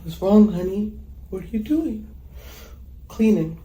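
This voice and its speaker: A woman giving emotional interview testimony as a mother, halting and hesitant with many pauses. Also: mid-range voice, lively intonation, dark tone. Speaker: mother recounting a killing. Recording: echoey room with faint background noise.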